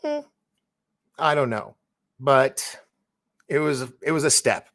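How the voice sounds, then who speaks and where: A man's voice: mid-range voice, expressive, takes it slowly, fairly bright tone. A man hosting a livestream in a loose, rambling, chatty way, often laughing as he reads the chat. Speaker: livestream host. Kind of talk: casual livestream chat, reading the chat.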